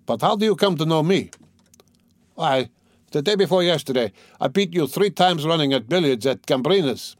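A man's voice: a little high, normal speed, no room sound, voice pushed up, natural voice. A man voicing an eager young law student. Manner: excited, insistent.

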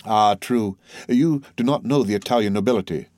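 Man voicing a composed worldly count, storybook, low voice, measured, assured, dry ironic tone. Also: a little mellow, no echo, close to an everyday voice. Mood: urbane. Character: composed worldly nobleman, calm and commanding.

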